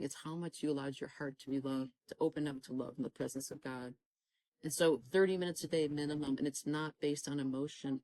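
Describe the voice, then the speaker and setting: A woman with a deep, dark voice gives an interview testimony about her faith, speaking fervently and urging listeners onward. She often performs the dialogue she remembers. The recording is dry and rough.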